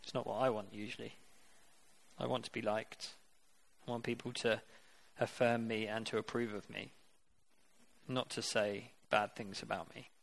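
A man's voice: lowish voice, level tone, moderate pace, vocal fry, fairly bright tone. Man preaching a conversational sermon. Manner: earnest, conversational preaching with rhetorical questions.

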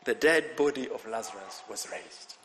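A man preaching a sermon, animated, repeating words and building up to shouts. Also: mid-range voice, normal speed, a little hiss or hum. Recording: reverberant hall.

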